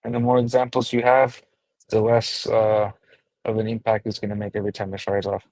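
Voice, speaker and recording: A man's voice: fairly low pitch, completely flat delivery, brisk, darkish tone, no echo, rough recording. A man co-hosting a casual chat who walks through trading chart analysis step by step.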